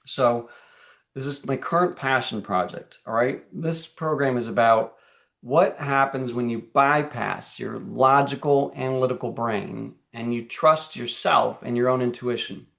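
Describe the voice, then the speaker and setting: A man with a gravelly, mid-range voice talks a group through his coaching programs over a video call. He keeps the energy up and keeps checking in with "okay?" and "all right?". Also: mid-range voice, a little slow, a bit bright. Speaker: life and fitness coach. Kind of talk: presenting to an online group.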